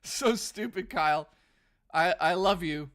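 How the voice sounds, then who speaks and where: A man hosting a casual live stream from home, talking in an animated, ranting way while reading out chat messages and thanking supporters. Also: sits high, a little slow. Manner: animated, ranting, bursts of laughter. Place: home living room.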